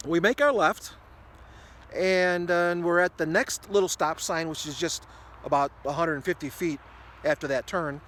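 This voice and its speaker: 60s guy rambling thru a story, kinda high voice, faint hum behind. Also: moderate pace, a bit bright. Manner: rambling, many fillers and restarts. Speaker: ministry video host. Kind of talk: casual storytelling to camera.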